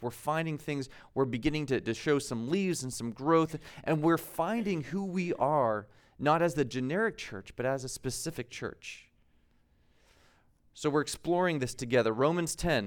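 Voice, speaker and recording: A man in his thirties from the United States, preaching a conversational sermon as pastor, laughing at himself now and then. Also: medium pitch.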